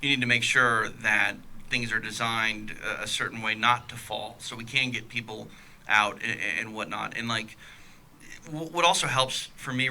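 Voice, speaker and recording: Male podcast co-host, laid-back rambler with a gravelly, very bright tone. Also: on the low side, rough recording. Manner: rambling, laid-back, with lots of "like" and "you know". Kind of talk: casual podcast chat.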